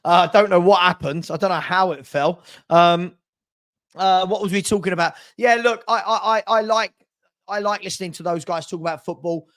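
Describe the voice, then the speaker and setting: A man's voice: high voice, moderate pace, a bit bright. Chatty man hosting a live stream. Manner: rambling, chatty, frequent restarts and repeated words. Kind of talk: casual live-stream chat reading viewer comments.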